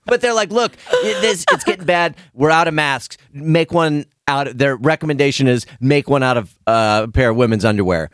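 A man's voice: medium pitch, animated, fairly quick, few pauses, fairly bright tone, clean tone. A man co-hosting a radio show, telling stories in casual studio banter. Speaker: radio co-host. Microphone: studio microphone.

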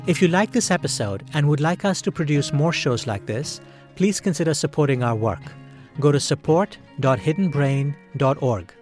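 A man hosting a podcast, reading scripted narration in a calm, measured way. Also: fairly high pitch, faint music behind. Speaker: podcast host.

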